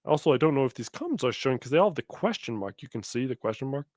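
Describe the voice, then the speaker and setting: A man hosting a podcast, giving sarcastic, mocking commentary on clips he plays, with quick asides. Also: mid-range voice, very animated, a little mellow, no echo, studio quality. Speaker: podcast host.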